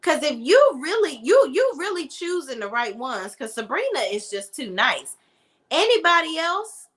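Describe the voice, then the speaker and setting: A young adult woman giving a casual, opinionated TV review in an animated, sassy manner, talking straight to her viewers. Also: sits high, normal speed. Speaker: TV show reviewer.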